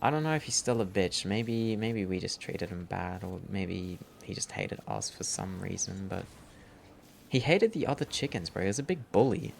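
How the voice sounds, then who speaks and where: A man's voice: sits low, sing-song, normal speed, vocal fry, a little hiss or hum. A young man rambling through a story while gaming, swearing often and calling the listener bro. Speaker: gaming vlogger.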